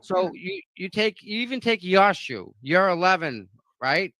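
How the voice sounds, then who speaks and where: Boston guy co-hosting, blunt and emphatic, bright edge, dry sound. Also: sits high, sing-song, unhurried, no room sound. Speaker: co-host. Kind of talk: casual chat.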